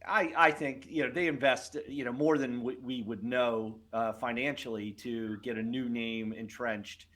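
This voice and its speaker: A man's voice: medium pitch, steady tone, a little slow, a bit bright. A man co-hosting a casual podcast, talking in a chatty, hesitant way with many fillers. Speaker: co-host. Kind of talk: casual chat.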